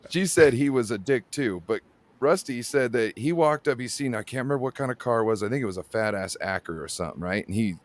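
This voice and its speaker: A man's voice: mid-range voice, expressive, fast, dry recording. A man from the Pacific Northwest telling rambling, crude stories as a guest on a casual chat show. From Pacific Northwest, Washington. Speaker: panel guest.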